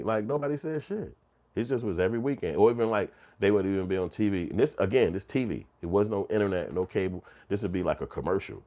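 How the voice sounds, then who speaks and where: Man, middle-aged, lowish voice, animated storytelling, casual profane commentary. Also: quick pace. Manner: animated storytelling, swearing and slang. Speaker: commentary show host.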